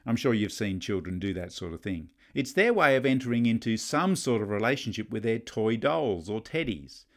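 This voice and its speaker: A man's voice: fairly low pitch, expressive, moderate pace, few pauses. A middle-aged man delivering a conversational sermon with humorous asides and family stories. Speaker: preacher.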